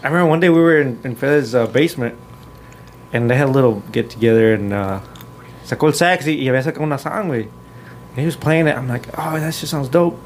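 A man in his twenties, a guest musician, tells laid-back stories in a casual chat, swearing freely and mixing in Spanish. He talks fast in a mid-range voice, with a little hiss or hum on the recording.

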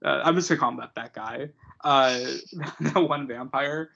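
A man's voice: mid-range voice, moderate pace, vocal fry, bright, forceful tone, slightly rough. A young man co-hosting a podcast, rambling and mocking in a casual chat full of fillers. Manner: rambling, mocking, many fillers, laughs often. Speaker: podcast co-host. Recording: dull lo-fi recording.

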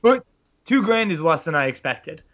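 A man's voice: on the high side, very animated, moderate pace, a bit bright. A man in casual chat making dry asides and laughing often. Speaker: podcast co-host. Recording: dull lo-fi sound.

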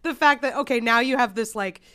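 Higher-voiced woman just over a cold. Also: brisk, sharp tone, no room sound, clean studio sound. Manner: chatty, lots of fillers, laughs while telling. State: recovering from a chest cold, prone to coughing. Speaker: podcast co-host. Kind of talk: casual podcast chat, telling a news story.

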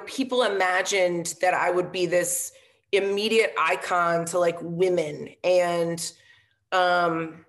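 A woman, a former football coach, telling a story as an interview guest in a casual way, often saying "um" and "right?" and acting out what others said. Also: medium pitch. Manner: earnest, with frequent "um" and tag questions like "right?"; acts out quoted dialogue in lively voices.

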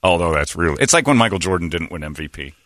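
A man's voice: deep voice, animated, quick pace, fairly bright tone, dry recording. A man hosting a radio show, talking in blunt, opinionated studio banter.

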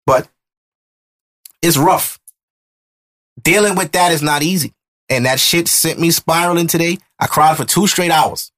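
A man in his thirties hosting a podcast, telling a personal story in an emotional, animated way. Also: on the high side, a little slow, long pauses. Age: 30s. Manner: emotional, animated retelling with acted-out quotes. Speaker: podcast host. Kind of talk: casual storytelling chat.

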